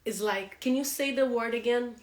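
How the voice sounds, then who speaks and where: A woman, a non-native English speaker, giving a casual pronunciation lesson, laughing often and repeating words slowly. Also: on the high side, echoey room. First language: not English. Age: adult with a young son.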